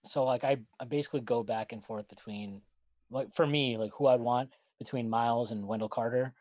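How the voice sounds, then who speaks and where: A man talks sports in a halting way, leaning on "like" and "uh" as he works through his thoughts. His voice sits at a middle pitch, and the sound is dry and close, with no room echo. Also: fairly even intonation, darkish tone, lo-fi sound. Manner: hesitant, full of "like" and "uh". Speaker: podcast co-host. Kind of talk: casual sports chat.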